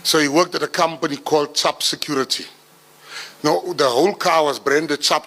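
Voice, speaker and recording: Man, South African accent, animated comic storytelling, forceful bright voice. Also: fairly high pitch, normal speed. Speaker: public speaker. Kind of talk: storytelling talk.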